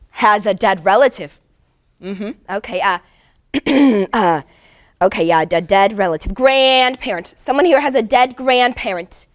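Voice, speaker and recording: A woman playing a scatterbrained fake psychic who guesses hesitantly, with fillers and throat clearing, in a comedy sketch. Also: a little high. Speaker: guest psychic.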